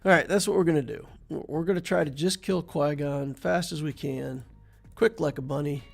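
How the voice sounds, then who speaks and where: A man with a slightly higher voice and a gravelly, creaky edge talks through a game match in a relaxed, chatty way. He thinks out loud and speaks straight to the viewer. Soft music plays faintly underneath. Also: normal speed. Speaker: game channel host. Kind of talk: casual gameplay commentary.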